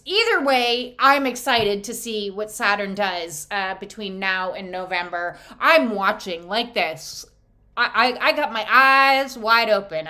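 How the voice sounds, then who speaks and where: A woman's voice: a little high, pushed and bright. Chatty, blunt woman reading oracle cards. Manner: chatty, blunt, swears freely, laughs often. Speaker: oracle card reader. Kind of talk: casual spiritual card reading.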